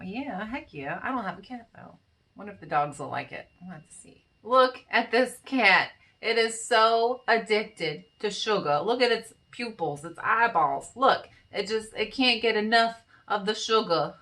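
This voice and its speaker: A woman vlogger with a bright voice, chatting casually over pictures. She sounds tired but stays playful, teasing and talking straight to the cats as if they could hear her. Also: medium pitch, lively intonation, unhurried.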